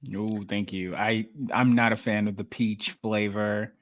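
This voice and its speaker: A man's voice: lowish voice, level tone, unhurried, no room sound, clean studio sound. A man co-hosting a podcast in casual chat, laughing often and teasing the host.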